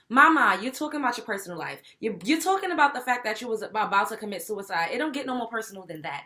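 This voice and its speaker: A woman's voice: fairly high pitch, quick pace, hardly any pauses. A young woman, hosting a talk show and giving blunt, profane opinions. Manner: blunt, profane, animated, mimics others. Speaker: show host. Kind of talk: opinionated commentary.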